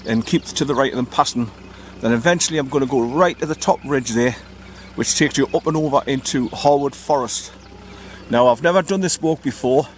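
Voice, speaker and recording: A man's voice: medium pitch, slight background noise. A man vlogging by his parked car in the countryside, chatty and rambling, spelling out place names as he goes. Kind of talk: casual walking vlog narration.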